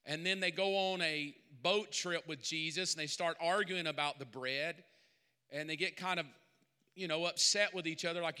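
A man preaches a sermon, easygoing at first and then rising into emphatic, forceful peaks. His voice sits a little high and rings smooth and resonant. Long reverb carries it through a big church hall. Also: steady tone, moderate pace. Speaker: pastor.

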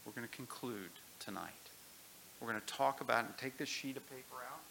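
Gravelly man leading a church class. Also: medium pitch, fairly quick, a little hiss or hum, rough recording. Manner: earnest, calm, guiding. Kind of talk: reading aloud and class instruction.

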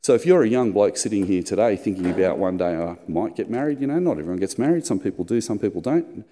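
A middle-aged man preaching a sermon as a pastor, telling personal stories and putting on squeaky voices in them. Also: lively intonation, fast talker, dark tone, slight background noise. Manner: storytelling, acts out squeaky high voices in anecdotes. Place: church hall. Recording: long hall reverb.

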